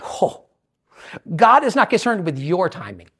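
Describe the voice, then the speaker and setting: A woman pastor preaching a sermon in an animated way, swinging between loud bursts and hushed asides. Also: lowish voice, unhurried, breathy edge.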